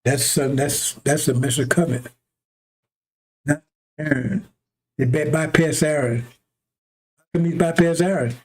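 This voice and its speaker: A man delivering an impassioned sermon with a delivery. His voice sits a little high for a man, and he repeats himself for emphasis and breaks into short laughs. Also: steady tone, measured pace, pauses often, slightly rough. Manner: repetitive, emphatic, chuckling asides. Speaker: preacher. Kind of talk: impassioned street-style sermon.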